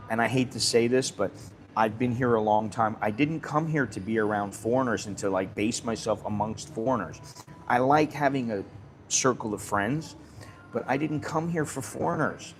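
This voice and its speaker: A man's voice: medium pitch, a little hiss or hum. An American man hosting a casual live stream, talking bluntly in a rambling way and swearing freely. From United States.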